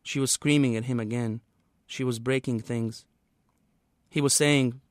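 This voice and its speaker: Man, author reading his novel, measured pace, everyday pitch, dry close sound. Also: fairly even intonation, no room sound.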